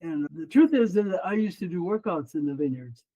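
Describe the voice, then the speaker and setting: Older man telling animated stories. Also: high voice, brisk, lo-fi sound. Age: 70s. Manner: animated, acts out quoted voices. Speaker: guest, former runner and coach. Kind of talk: storytelling in an interview.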